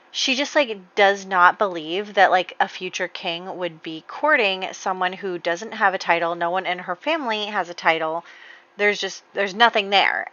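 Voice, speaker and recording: A woman's voice: medium pitch, pushed and bright, no echo, lo-fi sound. A woman casually retelling the drama of her life-simulation game, chatty and full of fillers, laughing at her own story. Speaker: gameplay narrator. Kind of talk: casual storytelling over gameplay.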